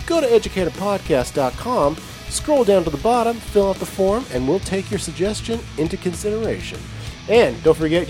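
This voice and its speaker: Jokey male podcast host, higher voice. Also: a little mellow. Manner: jokey, laughs often, stammers on repeats. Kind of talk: casual podcast banter.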